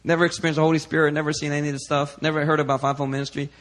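A male preacher with a somewhat high, bright and forceful voice. He tells a testimony in a loose, chatty sermon style, full of "you know" and "like." His delivery is animated and conversational rather than formal. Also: racing. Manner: animated, chatty storytelling with many fillers.

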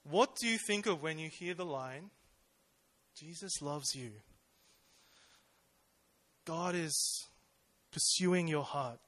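Bright-voiced young man giving a casual sermon. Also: a little high, measured pace. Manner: informal, with many fillers and rhetorical questions. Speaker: church speaker.

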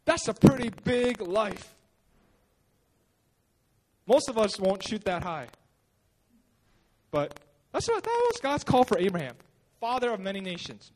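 A man's voice: high-pitched, big pitch swings, a little slow, long pauses, a little mellow. A male pastor giving a casual, conversational sermon at a church service, telling the story informally with lots of fillers. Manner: informal storytelling, acts out quotes, many fillers.

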